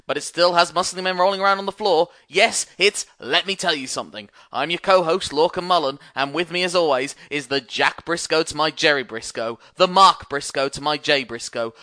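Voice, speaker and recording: A man's voice: high voice, sharp tone, no echo. A man in his thirties co-hosting a podcast, opening with theatrical, jokey patter. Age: 30s. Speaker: podcast co-host. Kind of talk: casual podcast chat.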